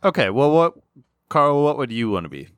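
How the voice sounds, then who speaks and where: A man's voice: medium pitch, sing-song, normal speed, fairly bright tone, clean tone, no room sound. A man co-hosting a casual podcast chat, teasing the others with blunt sarcasm. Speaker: podcast co-host.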